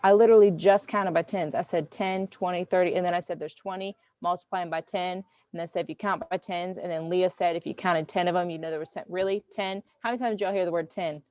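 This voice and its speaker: A woman teacher, running a review game for her online class in a playful, teasing, animated way. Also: fairly low pitch, fast, hardly any pauses, no echo. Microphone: computer mic on video call.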